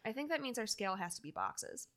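A woman's voice: fairly high pitch, sing-song, fast talker, fairly bright tone. A woman co-hosting a casual podcast chat about a film, talking loosely with lots of fillers. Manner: chatty, full of "like" and fillers. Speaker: podcast co-host.

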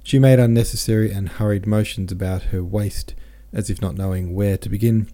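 A man hosting a podcast, reading a novel aloud with relaxed, chatty asides. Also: lowish voice, fairly quick. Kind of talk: casual commentary and audiobook reading.

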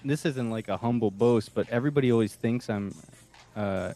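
A man talking casually as a guest, halting and full of fillers, often poking fun at himself. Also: medium pitch, warm tone. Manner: halting, filler-heavy, self-deprecating. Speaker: musician guest. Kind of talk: casual chat.

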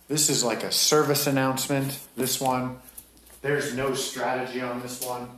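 A man's voice: mid-range voice, level tone, normal speed, a bit bright, heavy reverb, soft background music, poor audio. A middle-aged man hosting a podcast, giving a blunt, profane, rambling pep talk. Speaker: podcast host. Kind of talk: motivational podcast monologue.

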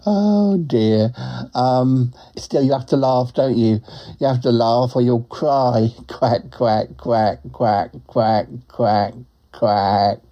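A man's voice: medium pitch, slow, lo-fi sound, lightly acted. A man voicing a chatty, good-natured talking duck on his travels, who rambles, giggles and tacks quacks onto his sentences. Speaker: roving reporter. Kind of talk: comic character monologue.

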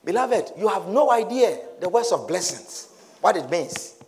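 High-voiced, dramatic male preacher. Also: big pitch swings, normal speed. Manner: dramatic, repetitive, often shouting. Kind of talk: sermon.

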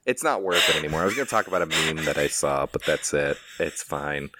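A man's voice: very deep voice, expressive, fast, bright, forceful tone, no room sound, studio quality. A man co-hosting a podcast in casual chat, rambling and joking at his own expense. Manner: rambling, self-deprecating, joking. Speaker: podcast co-host.

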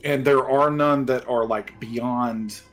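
A man playing in a tabletop game, thinking aloud in a halting way as he works out his move. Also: medium pitch, fairly even intonation, faint music behind. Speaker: player. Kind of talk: tabletop role-play.

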